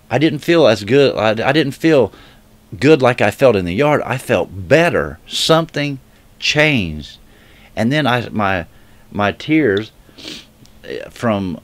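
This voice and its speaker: A man giving an emotional personal religious testimony straight to viewers. He speaks earnestly and haltingly, often restarting his sentences. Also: medium pitch. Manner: earnest direct appeal to viewers. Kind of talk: heartfelt personal testimony to camera.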